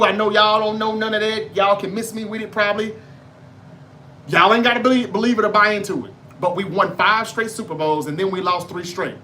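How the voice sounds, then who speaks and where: A man's voice: high voice, pushed and bright, a little hiss or hum. A man hosting a sports debate show, giving football predictions in a brash, profane, trash-talking monologue.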